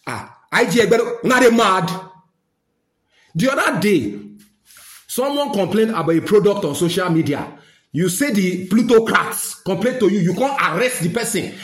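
A man's voice: high voice, expressive, normal speed, roomy sound. Fiery Nigerian man ranting. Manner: fiery, scolding, mixes in Pidgin. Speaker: social commentator. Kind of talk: impassioned rant to camera.

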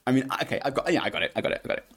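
A man from the United Kingdom, a podcast guest chatting in a jokey, animated way. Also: medium pitch, rapid-fire, creaky, husky. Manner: animated, jokey, laughs often. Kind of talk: casual interview chat.

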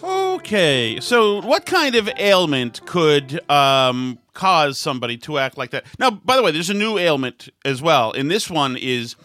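A man's voice: fairly high pitch, big pitch swings, a little slow, hardly any pauses, bright, forceful tone, no room sound, faint music behind. A middle-aged man hosting a talk show, riffing in a mocking, rambling way on the news. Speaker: show host. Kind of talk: sarcastic political commentary chat.

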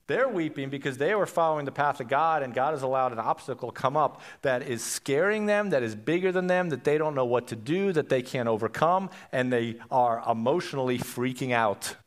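A man preaching a sermon in a conversational way, swinging between loud emphasis and quiet, low passages. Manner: acts out quoted voices in asides. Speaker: pastor.

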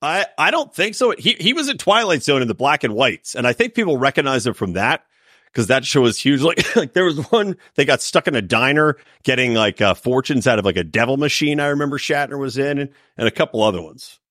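A man hosting a crude comedy podcast, joking around in animated banter. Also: medium pitch, brisk, no room sound, clean studio sound. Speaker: podcast host.

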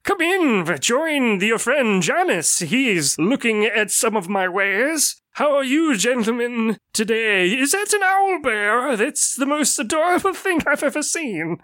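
A man voicing a forgetful, jittery old male shopkeeper who stammers in a high, quavering voice. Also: big pitch swings, unhurried, few pauses, sharp tone, no echo, clean studio sound, full character voice. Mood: cheerful.

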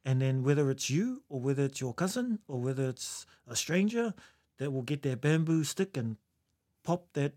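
A man's voice: medium pitch, big pitch swings, normal speed, darkish tone. A New Zealand man telling stories in a casual chat, reflective, laughing often and using Maori words.

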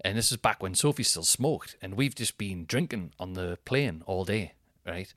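A man in his thirties, a comedian hosting a podcast, telling a rambling, sweary, animated anecdote. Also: low voice, moderate pace, no echo, clean studio sound. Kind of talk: casual storytelling.

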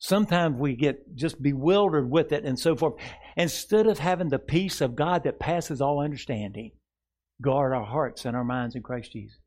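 A man preaching a sermon to a congregation, earnest, asking rhetorical questions and dropping soft for tender asides. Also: medium pitch, normal speed. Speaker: pastor. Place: church sanctuary before a congregation.

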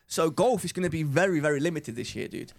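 A young man co-hosting a podcast, an excitable storyteller who laughs often while chatting casually. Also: a little high, fast, gravelly. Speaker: podcast co-host. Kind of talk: casual chat.

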